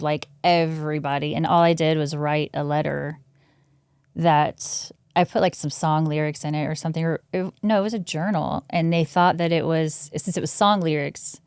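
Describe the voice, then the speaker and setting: A woman speaking as a podcast guest, with a low, smooth voice and a dry, close sound. She talks in a halting, casual way and stumbles over small fillers. She is shivering from the cold as she speaks. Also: fairly even intonation, darkish tone, no room sound. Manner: halting, full of "like" and "um". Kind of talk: casual personal account.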